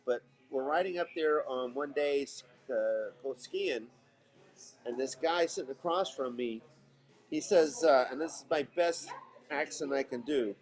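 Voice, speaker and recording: A man's voice: medium pitch, measured pace. A man co-hosting a casual remote podcast, chatty and storytelling, from Florida. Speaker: podcast co-host. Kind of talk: casual chat.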